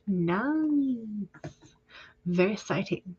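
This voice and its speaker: A woman's voice: medium pitch, slow pace, fairly bright tone, dull audio. A woman hosting a casual livestream chat, talking in a chatty, hesitant way with many ums and small laughs. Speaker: livestream host of writing sprints.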